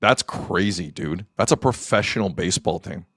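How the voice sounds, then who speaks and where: A man hosting a sports talk show, excitable, jumping between shouting and low muttering. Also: normal speed, no room sound.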